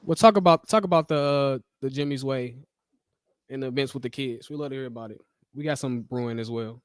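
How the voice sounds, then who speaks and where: Brief: male streamer host, punchy and slangy, close dry mic, mid pitch. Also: fairly quick, clean tone, no room sound. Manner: loud, animated, slangy, teasing. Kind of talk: casual live-stream chat.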